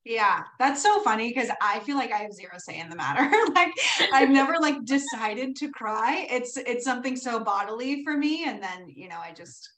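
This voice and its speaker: A woman's voice: a little high, expressive, normal speed, few pauses, fairly bright tone, reverberant, rough recording. A woman hosting a podcast in casual chat, candid, swearing freely and laughing often. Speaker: podcast host.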